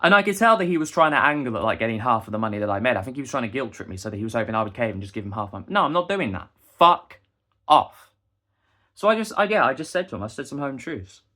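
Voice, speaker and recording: A man's voice: mid-range voice, animated, very fast, few pauses, bright, forceful tone. A young man, delivering a heated, indignant rant straight to the camera. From England. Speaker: busker and vlogger. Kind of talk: ranting monologue to camera.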